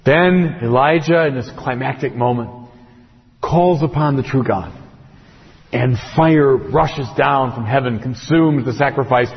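A man preaching a sermon, telling the story with dramatic pauses and slow, heavy emphasis. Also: mid-range voice. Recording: muffled with long hall reverb.

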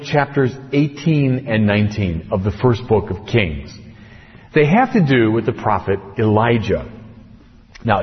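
Animated male preacher in a big hall. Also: medium pitch. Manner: animated storytelling, dramatic pauses and slowed emphasis. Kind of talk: sermon. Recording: muffled with long hall reverb.

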